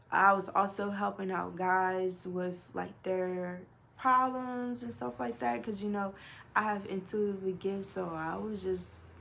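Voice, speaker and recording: A young woman tells a personal story to camera in a loose, animated storytime vlog. She swears freely and keeps talking straight to her viewers. She is recorded indoors on a camera microphone. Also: mid-range voice, gravelly. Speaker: vlogger.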